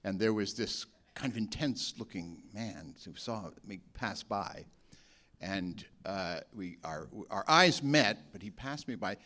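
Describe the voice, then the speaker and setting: A man's voice: on the low side, unhurried. A man, an actor guest, telling anecdotes in casual talk and laughing often. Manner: laughs often, animated storyteller.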